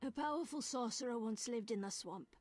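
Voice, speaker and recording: An actress voicing a solemn old female fortune-teller in a video game, telling a tale slowly and gravely. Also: a little high, close to an everyday voice. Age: older. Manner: slow, solemn storytelling.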